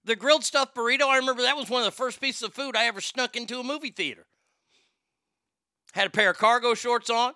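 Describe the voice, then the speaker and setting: A Texan man ranting casually about fast food, swearing a lot and stumbling over restarts. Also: extremely high pitch, pushed and bright, dry recording, studio quality. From Texas. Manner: profane, rambling, stammering restarts. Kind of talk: casual rant.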